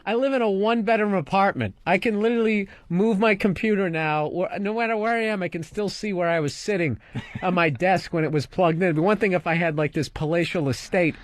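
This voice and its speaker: A man's voice: high-pitched, a little fast, no echo, clean studio sound. A man co-hosting a comedy podcast, ranting sarcastically with plenty of swearing. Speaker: podcast co-host. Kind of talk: casual comedy podcast chat.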